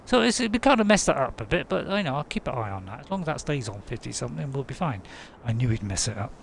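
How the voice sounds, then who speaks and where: Middle-aged male host, chatty gameplay commentary, lively pitch, gravelly. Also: fast, a little hiss or hum. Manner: rambling, chatty, chuckling asides. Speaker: gaming channel host.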